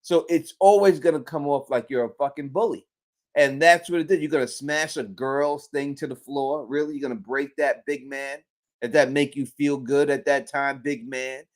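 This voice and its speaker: A man's voice: mid-range voice, fairly even intonation, normal speed. A man co-hosting a fan podcast, talking in an emphatic, casual way and often asking "you know what I mean". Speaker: co-host.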